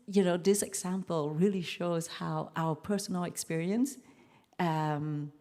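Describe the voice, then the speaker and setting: Halting woman in a reverberant hall. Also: lowish voice. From Vietnam. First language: French. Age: 50s. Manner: halting, many restarts and fillers, animated quotes. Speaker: guest lecturer. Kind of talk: university lecture, storytelling.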